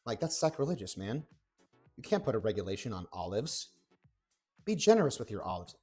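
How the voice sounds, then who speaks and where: A young man chatting on a cooking livestream, rambling and excitable, with playful exclamations and restarts. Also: medium pitch, moderate pace, long pauses, slightly rough. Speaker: streamer. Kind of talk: casual cooking livestream chat. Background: faint background music.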